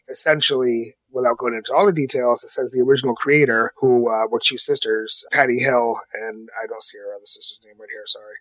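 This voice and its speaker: A man co-hosting a podcast from his basement at home, laid-back and deadpan. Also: mid-range voice, no room sound, low-quality recording. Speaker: podcast co-host. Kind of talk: casual podcast chat.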